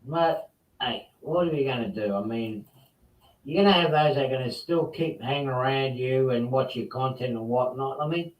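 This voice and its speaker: A chatty man hosting a relaxed online hangout, rambling through his stories with plenty of restarts. His voice sits at an ordinary middle pitch. He sounds set back from the microphone in a roomy, echoing space. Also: moderate pace. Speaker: host. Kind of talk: casual chat. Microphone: video call. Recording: roomy distant mic.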